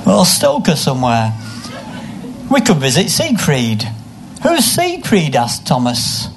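Deadpan man reading a pun-filled story. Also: on the high side, slow pace, gravelly, slight background noise. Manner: deadpan delivery of literary puns. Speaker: comic poetry performer.

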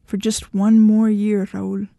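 A hard-edged young wife who speaks firmly, bluntly and with little patience, as voiced by a woman reader. The tone is mellow rather than bright. It is recorded close and dry. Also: medium pitch, flat delivery, slow pace, gravelly, dry recording. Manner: firm, blunt, impatient. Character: tough, blunt young woman leaving her husband.

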